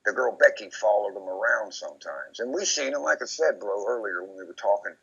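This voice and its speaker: Gravelly, raspy man, lowish voice, bright edge, rambling interview guest on a dull lo-fi track. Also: brisk. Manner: rambling, repeats himself, quotes others in lively voices. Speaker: interview guest recounting memories. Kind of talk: casual recorded conversation. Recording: dull lo-fi recording.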